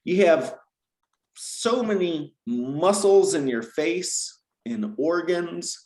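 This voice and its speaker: A man's voice: on the high side, expressive, extremely slow, a little mellow, echoey room. A man from Georgia with no Southern accent, a language teacher casually explaining his teaching approach, with lots of fillers and self-corrections. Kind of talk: casual conversational advice.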